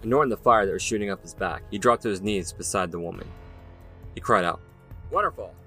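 A man giving a measured, dramatic scripted narration of a story. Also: fairly low pitch, bright, forceful tone, faint music behind. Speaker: audiobook narrator.

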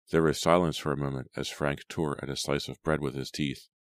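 Male audiobook narrator, very deep voice, dry sound, measured reading. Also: fairly even intonation, no room sound. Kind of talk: scripted narration.

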